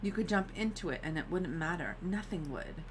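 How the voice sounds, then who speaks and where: A lady reading creepy cursed bag voice, coaxing and pushy, low-ish but swoopy. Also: lively intonation, normal speed, a little hiss or hum, lightly acted. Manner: coaxing, persuasive. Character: sinister tempting voice of a cursed bag.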